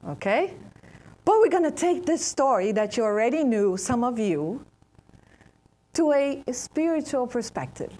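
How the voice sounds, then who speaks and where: A woman with a Brazilian Portuguese accent giving an interactive spiritual talk to an audience. She pauses and restarts often while searching for words. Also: on the high side, very animated, dark tone. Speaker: speaker at a spiritist center.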